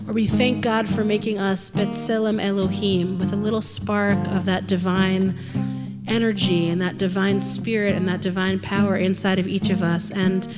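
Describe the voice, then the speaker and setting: A woman's voice: medium pitch, level tone, normal speed, long reverb tail. Earnest woman speaking over guitar. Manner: earnest, heartfelt. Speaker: song leader. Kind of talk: spoken introduction to a blessing. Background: guitar music.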